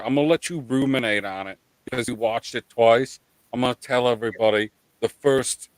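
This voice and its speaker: A man hosts a casual live stream from a desktop mic, ranting animatedly and swearing as he acts out mock quotes. His voice sits at a middle pitch and sounds close and dry, with no room around it. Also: smooth, no room sound, poor audio. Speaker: host of a live pop culture stream.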